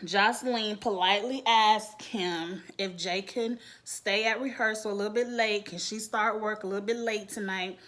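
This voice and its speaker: A woman reviewing a TV episode in a casual vlog, retelling scenes in an animated, blunt, slangy way and laughing often. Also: medium pitch, normal speed, hardly any pauses. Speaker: TV show reviewer.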